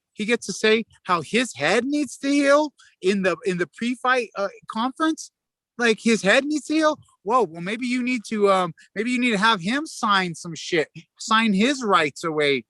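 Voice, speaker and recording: Brief: high, bright-toned male fighter, blunt and rambling, dry sound. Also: no echo. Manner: blunt, loose, filler-heavy complaining. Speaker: professional fighter. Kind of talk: casual interview talk.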